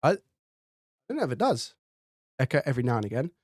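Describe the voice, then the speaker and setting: A man's voice: mid-range voice, big pitch swings, quick pace, no echo. A man hosting a live stream in casual chat, thinking aloud and testing his microphone up close with repeated checks. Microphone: studio dynamic mic, close up.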